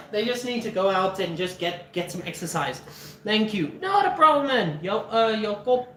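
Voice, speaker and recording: A man's voice: high voice, lively intonation, normal speed, a bit bright. A man chatting casually while he cooks on a livestream, laughing often and swearing freely. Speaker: cooking streamer. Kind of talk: casual cooking livestream chat. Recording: roomy echo, mic at a distance, faint background noise.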